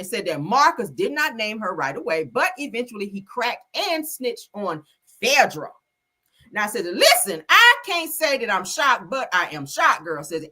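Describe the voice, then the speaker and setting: Sassy, animated woman gossip host. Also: a little high. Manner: sassy, animated, acts out quotes in voices; swears freely, chatty slang. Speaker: celebrity gossip streamer. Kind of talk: casual commentary.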